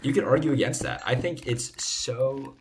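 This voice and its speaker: A young man talking casually over gameplay, earnest and rambling, often restarting his sentences and laughing softly at himself. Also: mid-range voice, moderate pace, rough recording. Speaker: gaming video creator. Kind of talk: casual commentary while playing. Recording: steady background noise.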